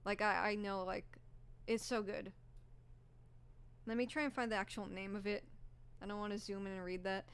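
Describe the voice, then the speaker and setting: A young woman streamer in casual live-stream chat, rambling and gushing with lots of fillers, her voice a bit hoarse. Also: mid-range voice, fairly even intonation, normal speed, pauses often, fairly bright tone.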